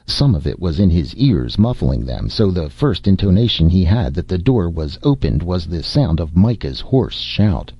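A man narrating a novel as an audiobook reader, with an expressive, varied delivery. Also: sits low, normal speed, hardly any pauses, breathy edge, no room sound. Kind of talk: scripted narration. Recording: dull, dry lo-fi recording.

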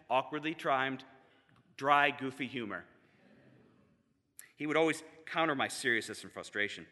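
Man, earnest testimony speaker; very bright tone, reverberant hall. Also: high voice. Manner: earnest storytelling with emphatic build-ups. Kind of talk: personal testimony sermon.

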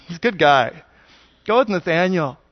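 A man's voice: high voice, expressive, moderate pace, dry recording, big-room sound. A man voicing a nervous male disciple who awkwardly pleads to be skipped, on a dull lo-fi sermon recording.

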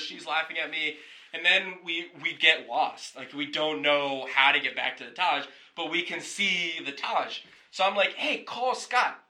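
Male podcast host, very bright timbre, loose rambling storyteller who swears casually. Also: on the high side, poor audio.

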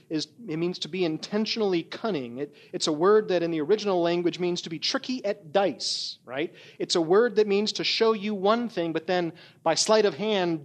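A man preaching a sermon as pastor, telling a story with animated emphasis and frequent "right?" asides. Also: high voice. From not from California.

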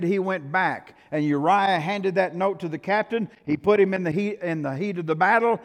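A male pastor preaching a storytelling sermon, swinging from loud outbursts to hushed tones. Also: high voice, normal speed, few pauses. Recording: reverberant hall.

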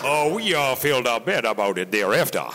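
A man's voice: medium pitch, very animated, a little fast, sharp tone, faint music behind. A man narrating a live comedy show, folksy and mock-preachy, talking to the crowd as folks. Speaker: comedy troupe performer. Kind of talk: live comic narration addressing the audience. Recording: live recording with clear hiss.

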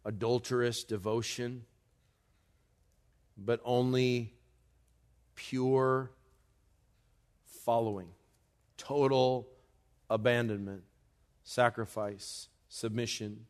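A man preaching a sermon as pastor, slow and deliberate, building to loud urgency in a church. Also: medium pitch, steady tone.

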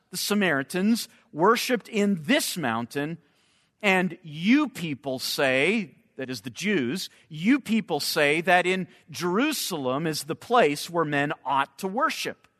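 High-voiced guy preaching real slow, big echoey hall. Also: fairly bright tone. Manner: slow, emphatic delivery with repeated words. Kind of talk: sermon. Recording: long hall reverb.

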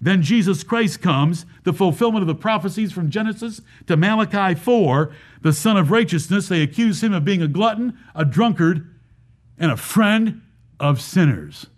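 A man's voice: sits high, animated, normal speed. A man preaching a sermon as pastor, emphatic, repeating lines and asking rhetorical questions.

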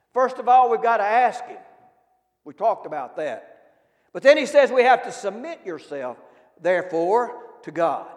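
Male preacher, folksy and direct, higher pitch, long hall echo. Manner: folksy, calls out questions to the congregation. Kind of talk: sermon.

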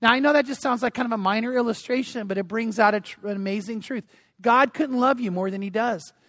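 Older guy preaching, real high voice, earnest and emphatic, trips over words sometimes. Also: fast, fairly bright tone, no echo, clean studio sound. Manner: earnest, emphatic, repeats words when stumbling. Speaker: pastor. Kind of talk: sermon.

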